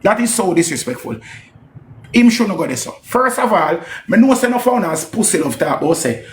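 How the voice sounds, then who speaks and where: A man with a Jamaican accent giving casual, animated reaction commentary on a live stream, repeating himself and swearing as he slips into patois. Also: sits high, brisk, roomy sound, a little hiss or hum. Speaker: music commentator.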